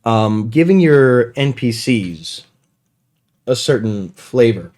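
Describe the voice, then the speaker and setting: Slow and mid-range, a podcast host shares tabletop game stories in casual chat, storytelling with animation and frequent laughter.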